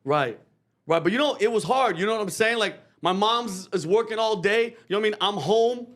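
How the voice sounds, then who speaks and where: A man's voice: high voice, fairly quick, a bit bright. A man playing a politician who fakes street-tough slang in a comedy sketch, boasting and asking "you feel me" again and again. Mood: boastful.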